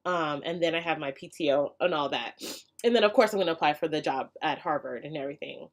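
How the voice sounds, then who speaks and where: Chatty heartfelt woman, low-pitched. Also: quick pace. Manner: chatty, heartfelt, laughs often. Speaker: hair care channel host. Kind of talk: casual live stream chat.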